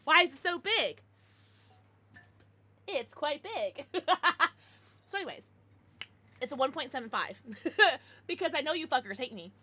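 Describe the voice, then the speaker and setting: A woman streamer chatting casually with her viewers, excitable and swearing freely. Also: high-pitched, unhurried, long pauses. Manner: laughs and gasps often. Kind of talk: casual livestream chat with viewers.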